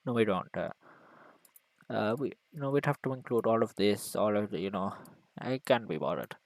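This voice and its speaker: A man giving a mock lecture in a video, rambling and hesitant, full of fillers, deadpan, with broken grammar. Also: on the low side, moderate pace, no room sound, low-quality recording. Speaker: video maker.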